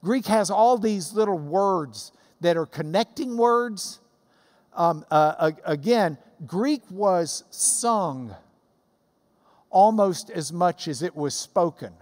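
An emphatic Bible teacher explains the text in an unhurried sermon, the voice rising and falling in a very lively way. A long hall reverb trails every phrase. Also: medium pitch.

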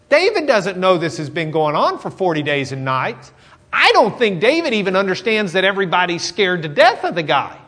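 A middle-aged man preaching a sermon with animated, dramatic storytelling. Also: high-pitched, moderate pace. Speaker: pastor.

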